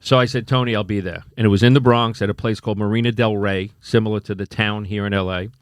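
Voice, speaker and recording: A middle-aged man with a New York accent, a comedian and former cop, telling animated stories on a talk show. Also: fairly low pitch, fast, smooth, no echo, studio quality. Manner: animated anecdotes, acts out quoted voices. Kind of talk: casual storytelling.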